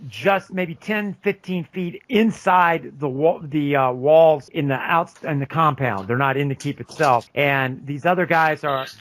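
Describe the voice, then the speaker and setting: A man's voice: on the high side, unhurried, few pauses, fairly bright tone. A man narrating a tabletop game as game master, describing scenes with frequent restarts.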